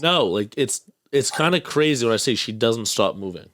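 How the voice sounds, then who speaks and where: A man's voice: mid-range voice, moderate pace, dry recording, studio quality. Young man swearing through casual chat. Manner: swearing, animated storytelling. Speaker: podcast co-host.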